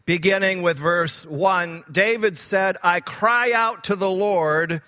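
Earnest guy preaching a sermon, high bright voice, repeats stuff for emphasis. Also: takes it slowly, big-room sound. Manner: earnest, rising to fervent emphasis when quoting scripture.

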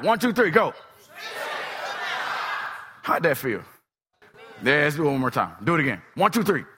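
Animated, high-voiced man preaching a sermon. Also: in a large hall, a little hiss or hum. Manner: swings between soft asides and shouted preaching.

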